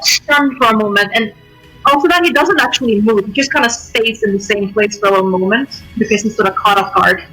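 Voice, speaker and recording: A woman's voice: medium pitch, a little fast, bright, forceful tone, slightly rough, soft background music, rough recording. A woman playing a tabletop game, hesitantly describing what her character does. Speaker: player.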